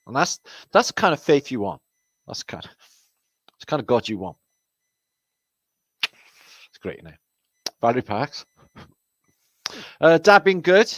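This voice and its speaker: A man's voice: low-pitched, expressive, unhurried, long pauses, fairly bright tone, dry recording. A British man hosting a casual livestream, rambling and sardonic, swearing constantly as he reads out viewer comments. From Britain. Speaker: livestream host. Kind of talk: casual live chat reading viewer comments.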